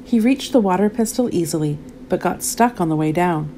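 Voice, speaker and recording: A woman narrating a children's storybook aloud in an expressive, animated way. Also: fairly low pitch, brisk, slight background noise.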